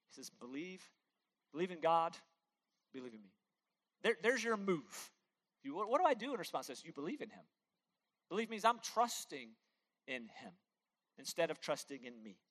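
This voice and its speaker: This man, his voice on the high side, delivers a sermon as pastor, imploring the congregation while shifting from forceful declarations to soft, hushed passages.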